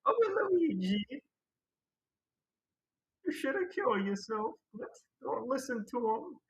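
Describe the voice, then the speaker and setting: A man putting on a shrill falsetto Mario voice as a goofy, mocking parody of the cartoon plumber. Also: very animated, takes it slowly, fairly bright tone, breathy edge, exaggerated voice. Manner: mocking, wildly swooping parody. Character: squeaky high cartoon plumber hero, goofy. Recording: dull lo-fi recording.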